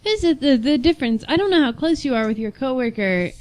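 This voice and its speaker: A young woman co-hosting a casual podcast, telling lively anecdotes and acting out the voices of people in them. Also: high-pitched, fast. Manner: animated storyteller, acts out voices in her anecdotes. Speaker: podcast co-host. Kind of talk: casual chat.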